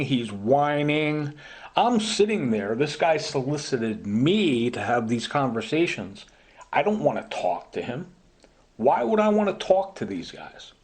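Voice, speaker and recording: A man in a ranting vlog monologue, agitated and accusing, repeating his points. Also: mid-range voice. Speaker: vlogger.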